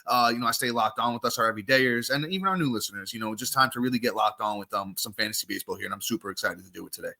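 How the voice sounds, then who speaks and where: A man hosting a sports podcast, reading the intro and ads in an energetic, hyped-up way. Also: fairly low pitch, very fast, gravelly, few pauses. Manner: energetic, hyped, ad-read delivery. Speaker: podcast host. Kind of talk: upbeat podcast intro and chat.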